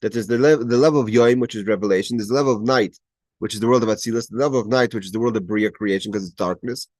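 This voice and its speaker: A man's voice: on the low side, fast, darkish tone, no echo. Man teaching a Chassidic text. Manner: reads Hebrew phrases, then translates them; frequent restarts, rising emphatic questions. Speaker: Torah teacher. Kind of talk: explaining a Chassidic text in class. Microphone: video call.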